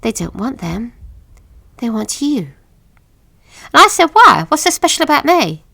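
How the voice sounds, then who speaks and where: An actress playing a haunted woman, recalling a childhood horror in a halting, hushed audio drama monologue that sinks to whispers. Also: high-pitched, big pitch swings, creaky, dry recording, exaggerated voice. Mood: frightened. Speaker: witness recounting an account.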